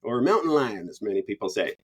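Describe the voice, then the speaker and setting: A man, a podcast guest telling stories in a relaxed, rambling way with frequent laughs. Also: fairly low pitch, fast talker, breathy edge. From Canada. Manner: easygoing, rambling, laughs often. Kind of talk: casual storytelling.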